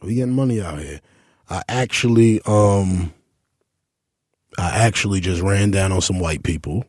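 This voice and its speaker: A man hosting a casual chat, talking in a brash, profane way and jumping into high-pitched outbursts while telling stories. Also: normal speed, a little mellow, breathy edge, no echo, clean studio sound.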